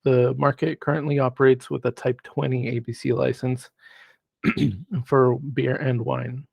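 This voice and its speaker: A man on city planning staff who presents a formal report in a measured way, reading prepared remarks. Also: medium pitch, level tone, vocal fry, a little mellow, husky, no echo. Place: city council chamber.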